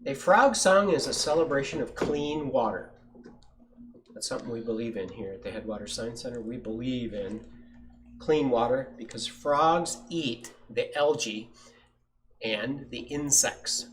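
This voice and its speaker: A man's voice: mid-range voice, measured pace, slight background noise. A man at a science center reading a picture book aloud to children and asking them questions. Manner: lively storyteller, asks kids questions.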